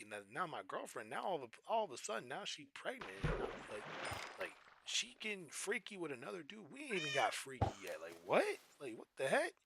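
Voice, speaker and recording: A young man streaming, telling a story in an animated, exasperated way. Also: fairly high pitch, no echo. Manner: animated, exasperated, rising to outrage.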